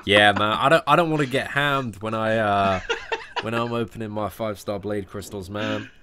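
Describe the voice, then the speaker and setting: A man's voice: on the low side, moderate pace, noisy background. A young man with a southern English accent, a streamer chatting casually on a call, laughing and rambling with lots of "man" and "like". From England. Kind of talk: casual chat.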